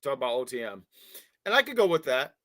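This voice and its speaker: A man's voice: mid-range voice, fast talker, no room sound. A man co-hosting a wrestling review show, talking casually and with feeling, often repeating his words as he starts a thought. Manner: animated, repeats words, baby-talks to his cat.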